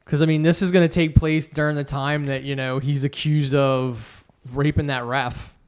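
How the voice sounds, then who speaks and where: A man's voice: medium pitch, steady tone, normal speed, clean tone. A man co-hosting a podcast, chatty and opinionated, with lots of fillers. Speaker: podcast co-host. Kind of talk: casual chat.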